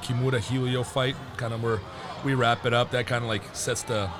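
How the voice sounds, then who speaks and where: A man's voice: medium pitch, little pitch movement, fairly quick, noisy background. A man commentator talking into a headset, explaining at length in a rambling, thoughtful way. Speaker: guest, tournament commentator. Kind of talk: casual interview chat. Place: tournament venue table. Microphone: headset mic.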